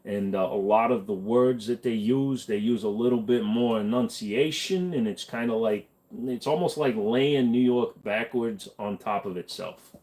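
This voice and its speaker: A man's voice: medium pitch, normal speed, hardly any pauses, dark tone. A man hosting a casual livestream chat, rambling in a laid-back way with lots of fillers. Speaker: host.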